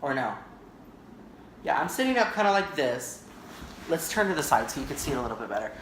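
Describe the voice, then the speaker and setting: Bright-voiced man telling a dramatic story. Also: on the high side, big pitch swings, fairly quick, slight background noise. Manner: dramatic, rambling storytelling with frequent "right?". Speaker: vlogger. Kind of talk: storytime vlog. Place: indoor room, on camera. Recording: echoey room.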